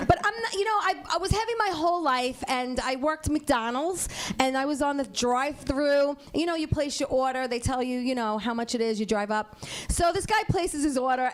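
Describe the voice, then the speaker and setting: A woman doing a stand-up set, chatty, brash and self-mocking. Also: sits high. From Sicilian family. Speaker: stand-up comic.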